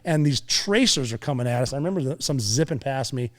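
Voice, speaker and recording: A middle-aged man, a former Navy SEAL, tells a combat story in a casual interview, profane and lively, acting out voices and sound effects. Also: medium pitch, a little fast. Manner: animated war storyteller, profane, acts out voices and sounds, laughs often.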